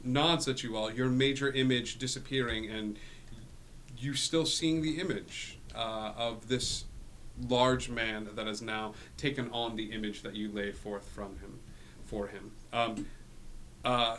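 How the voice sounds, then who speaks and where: Casting: game master narrating a tabletop game, bright voice, halting delivery full of fillers. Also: male voice, mid-range voice, slight background noise.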